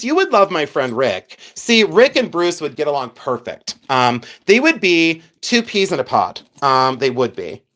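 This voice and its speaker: A man's voice: fairly high pitch, a bit bright. A middle-aged man from Ohio hosting a live stream, chatting casually with viewers, laughing often and poking fun at himself. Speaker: livestream host.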